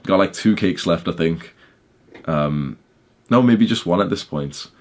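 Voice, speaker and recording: A man's voice: deep voice, lively intonation, a little slow. A young man casually telling a story in his vlog, rambling with lots of "like" and swearing. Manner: rambling, peppered with "like", swearing, laughing. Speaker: YouTuber.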